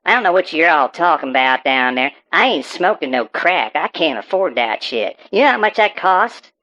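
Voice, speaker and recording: Here the performer's mid-range voice turns sing-song and forceful, bright in tone and moving at a moderate pace. Still in character as the paranoid farmer interviewed on a call-in show, he stammers through a rambling, profane rant about super pigs, captured in muffled, dull audio.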